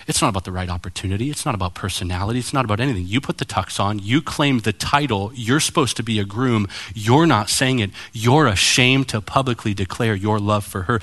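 A man preaching a sermon as pastor, direct and challenging, acting out voices as he tells stories. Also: medium pitch. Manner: animated storytelling, acting out voices.

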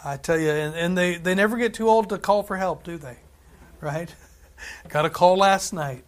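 A middle-aged man preaching a sermon, emphatic and conversational, tossing in asides and slowing down to stress scripture. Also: high voice. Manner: emphatic, lifts voice and slows on scripture; conversational asides and tag questions.

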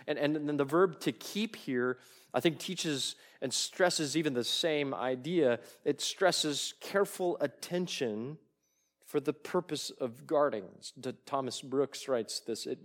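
A man preaching a sermon in a deliberate way, reading scripture and quotations aloud and rising in force on key lines. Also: medium pitch. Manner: slow, deliberate preaching that swells louder on quoted lines. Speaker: pastor.

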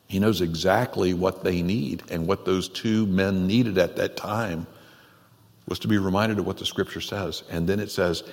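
Pastor, man, lowish voice, chatty animated preaching style, echoing sanctuary reverb. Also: moderate pace, gravelly. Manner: conversational, animated, laughs often. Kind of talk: sermon. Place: church sanctuary. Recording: long reverb in a church hall.

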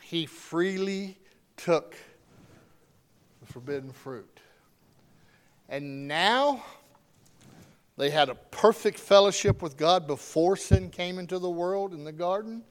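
A man preaching a sermon with strong emphasis, swinging between loud declarations and hushed asides. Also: high-pitched, takes it slowly, pauses often.

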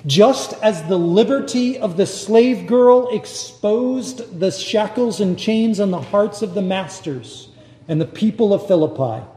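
A man preaching a sermon as a pastor, measured and dramatic with long pauses. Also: sits high, warm tone. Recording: echoey hall with long reverb.

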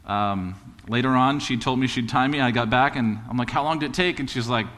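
A man's voice: mid-range voice, a little fast, fairly bright tone, big-room sound. A man preaching a sermon as a pastor, moving from casual storytelling into emphatic, building preaching.

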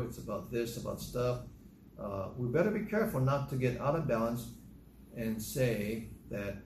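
A man preaching a sermon in a medium voice, leaning hard on key words and repeating them. He slows way down when reading scripture. The room rings with echo, and a faint hiss sits underneath. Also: medium pitch, a little mellow. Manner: emphatic, repeats phrases, reads scripture slowly. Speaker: pastor. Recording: echoey room with faint noise.

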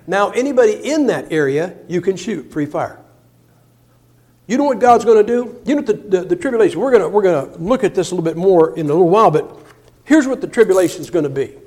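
High-voiced joking man preaching. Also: lively intonation, fast talker. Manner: folksy, joking storyteller with many restarts; shifts between loud emphasis and soft, low asides. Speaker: guest preacher. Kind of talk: sermon.

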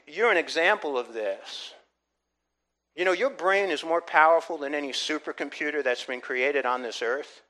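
A male pastor delivers a sermon in a high, bright voice. He talks earnestly, circles back on his phrases and pushes key words hard. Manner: earnest preaching with repetitions and rising emphasis.

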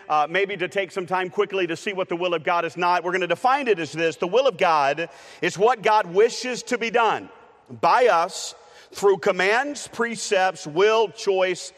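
A man's voice: sits high, unhurried, fairly bright tone. A male preacher giving a sermon in a conversational, playful way, with frequent uh's and restarts. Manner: playful with the congregation. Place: church sanctuary. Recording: long reverb of a church hall.

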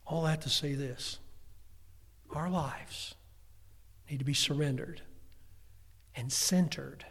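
An older male pastor preaches a sermon, telling family stories in a lively way with humorous asides. His voice is on the high side and slightly rough with vocal fry, and he speaks slowly. A long hall reverb fills the recording.

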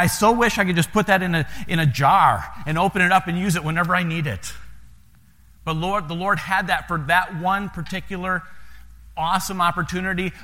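Telling sermon stories to a congregation in a large hall, a missionary pastor from the United States speaks with an American accent in a folksy style. His voice sits on the high side with a sharp tone, and he habitually repeats words as each sentence begins.

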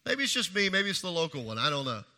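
High, bright-voiced man preaching. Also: sing-song. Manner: swings from hushed, slow emphasis to raised, urgent reading. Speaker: pastor. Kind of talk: sermon.

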